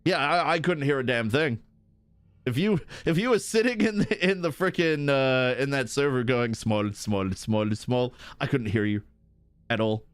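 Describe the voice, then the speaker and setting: Male streamer, casual live-stream chatter, excitable, rambling, sudden squeaky outbursts, mid-pitched voice. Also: moderate pace, clear, resonant tone, no echo. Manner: excitable, jumps to high-pitched bursts; rambling with restarts. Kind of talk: live-stream chat while gaming.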